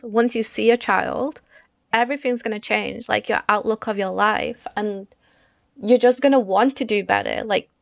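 A woman in a casual podcast chat, speaking in a measured, reflective way. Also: fairly high pitch, gravelly.

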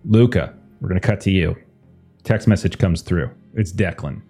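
Low-voiced man running a tabletop game. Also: normal speed, dark tone, husky, soft background music. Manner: loose, conversational narration with many fillers. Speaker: game master.

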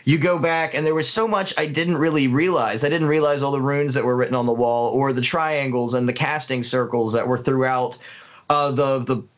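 A man's voice: medium pitch, steady tone. Guy breaking down a movie on a podcast, thoughtful and earnest, keeps saying uh. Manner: earnest, analytical, measured with frequent fillers. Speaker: podcast co-host. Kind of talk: casual film review chat.

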